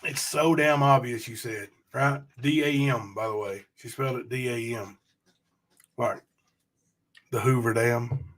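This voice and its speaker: A man's voice: mid-range voice, steady tone, measured pace, fairly bright tone. A man hosting a casual livestream, chatting loosely and reading out viewer comments. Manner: chatty, rambling, addresses chat directly. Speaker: livestream host.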